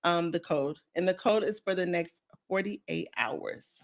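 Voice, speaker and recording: A woman's voice: on the low side, unhurried. A woman co-hosting a live podcast stream, talking casually and directly to the audience in the chat. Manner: lively, talks straight to the chat audience. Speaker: podcast co-host.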